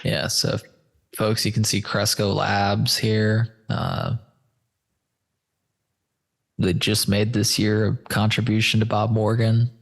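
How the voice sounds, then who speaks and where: A man's voice: on the low side, expressive, slow pace, gravelly, pauses often, slightly rough. A man hosting a podcast in casual chat, loose, rambling and profane, addressing listeners as folks while walking through a shared screen. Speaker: podcast host.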